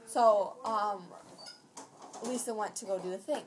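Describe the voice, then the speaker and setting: A woman's voice: mid-range voice, a little slow. A teenage girl rambling on as she retells a long story in a casual family chat. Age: teens.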